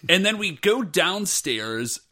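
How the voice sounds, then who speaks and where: Animated man recapping a show. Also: sits high, slow. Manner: animated, acts out quoted lines. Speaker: podcast co-host. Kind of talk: casual chat recapping a show.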